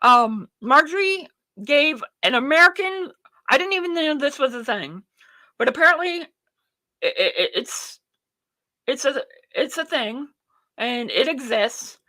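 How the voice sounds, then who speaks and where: High, lively woman host on a profane rant. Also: a little slow, dry recording. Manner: blunt, profane, ranting; rambling with restarts and self-talk. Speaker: show host. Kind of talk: livestream commentary.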